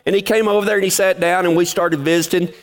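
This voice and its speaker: A pastor with a high, steady voice speaks quickly as he preaches. He tells a folksy, drawling anecdote and acts out the dialogue himself.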